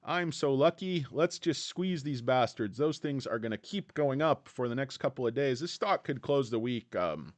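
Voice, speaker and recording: With a mid-range voice at normal speed and hardly any pauses, a middle-aged man runs a stock market livestream in a room with no echo. He reads viewer comments aloud, cracks jokes, and rambles excitedly, filling his talk with fillers.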